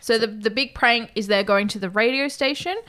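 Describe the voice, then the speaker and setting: A woman with a fairly high voice co-hosts a casual podcast, recapping a film scene by scene. She talks in an animated way, laughing often. She jumps into little acted-out lines as she goes. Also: brisk. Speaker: podcast co-host.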